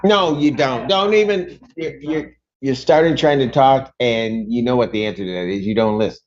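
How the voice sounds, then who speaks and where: A man serving as a judge, lecturing a defendant in court in a stern, firm manner. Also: moderate pace. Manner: stern, lecturing, jumps high in pitch when incredulous. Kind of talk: courtroom proceedings. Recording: dull courtroom audio.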